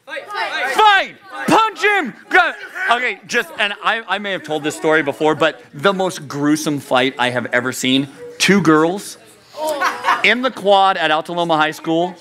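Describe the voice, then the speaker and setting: A man in his thirties preaching a youth sermon, animated and joking, who jumps into high comic voices. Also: moderate pace, a crowd in the background. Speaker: youth pastor.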